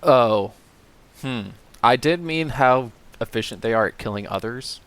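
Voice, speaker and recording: A man's voice: mid-range voice, expressive, measured pace, clear, resonant tone. A man co-hosting a casual comedy podcast, dryly steering the segment over a remote call. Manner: dry, bossy, steers the segment. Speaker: podcast co-host.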